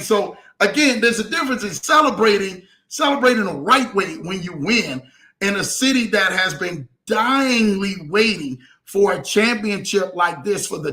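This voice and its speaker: A man's voice: sits high, bright, forceful tone. A man hosting his own live show, hyped up and repeating catchphrases as he gives a motivational talk. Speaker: host.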